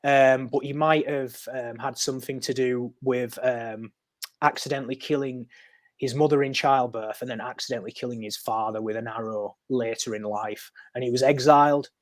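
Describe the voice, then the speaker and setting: Guy on a podcast going on about old history, lots of ums, mid pitch, dry close sound. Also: fairly even intonation, moderate pace, no room sound. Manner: rambling, storytelling, with frequent ums and restarts. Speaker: podcast guest, amateur historian. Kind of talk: conversational explaining. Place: podcast recording.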